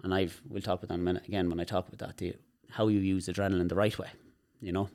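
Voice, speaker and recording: An Irish man, a guest on a podcast, telling personal stories in an animated way and swearing freely. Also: low voice, rapid-fire. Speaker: guest, movement specialist. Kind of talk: podcast conversation.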